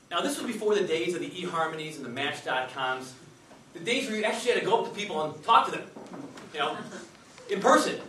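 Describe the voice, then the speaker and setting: A man's voice: sits high, sharp tone. A middle-aged man giving a humorous contest speech, chatty and self-mocking, talking straight to the audience. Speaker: contest speaker. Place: meeting hall before an audience. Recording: echoey hall, distant mic, noisy.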